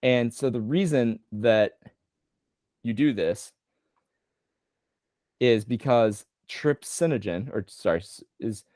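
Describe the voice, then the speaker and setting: A man tutoring a student on a video call, explaining loosely with casual slang and quick self-corrections. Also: medium pitch, a little mellow, no echo, clean studio sound. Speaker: medical tutor.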